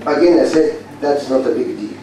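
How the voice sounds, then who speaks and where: A man's voice: mid-range voice, normal speed, dark tone. Egyptian man lecturing in an echoey hall. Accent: Egyptian Arabic. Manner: repetitive, drilling students, blunt. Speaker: university phonetics lecturer. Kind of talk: classroom lecture mixing English and Egyptian Arabic. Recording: very echoey hall, distant mic, faint hiss.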